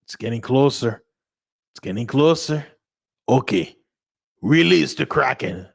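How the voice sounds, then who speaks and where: A man voicing a smooth male casino that tempts a gambler to keep betting, in a low, hushed, coaxing tone. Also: expressive, measured pace, no echo, studio quality, exaggerated voice.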